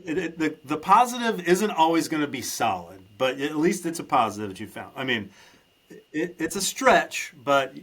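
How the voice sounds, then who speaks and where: A man's voice: a little high, big pitch swings, moderate pace, a bit bright, slightly rough. A man hosting a podcast in casual chat, talking in a rambling, emphatic way with frequent restarts. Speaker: podcast host.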